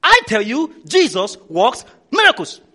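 A man with a Nigerian accent preaching as a pastor, telling stories with lots of energy and loud repeated calls. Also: extremely high pitch, a little slow. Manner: animated storytelling, shouting repeated commands. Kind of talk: sermon.

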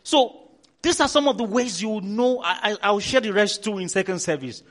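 A man with a Nigerian accent preaching as a pastor, telling stories with lots of energy and loud repeated calls. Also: sits high, moderate pace. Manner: animated storytelling, shouting repeated commands. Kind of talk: sermon.

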